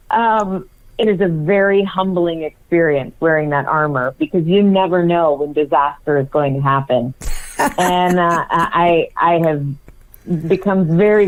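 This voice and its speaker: A woman's voice: lowish voice, darkish tone, poor audio. A woman guest telling a self-deprecating story with frequent laughs in an interview. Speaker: actress guest. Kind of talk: interview anecdote.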